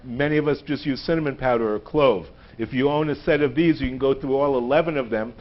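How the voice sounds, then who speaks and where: A man's voice: medium pitch, fast. A man giving a live lecture to a group in a synagogue, chatty and joking, laughing at his own puns. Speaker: guest lecturer. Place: synagogue hall. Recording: dull lo-fi phone recording.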